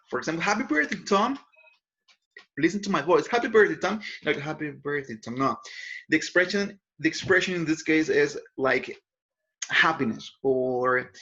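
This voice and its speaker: A man's voice: medium pitch, fairly bright tone, highs cut off. A man teaching English grammar in a recorded lesson. He explains patiently and often corrects himself mid-sentence.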